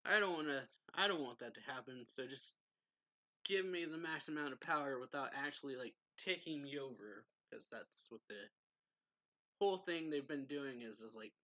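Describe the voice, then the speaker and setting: Bright-voiced man recapping a chapter. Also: medium pitch, moderate pace, dull audio. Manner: loose retelling, many likes, laughs often. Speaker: anime reviewer.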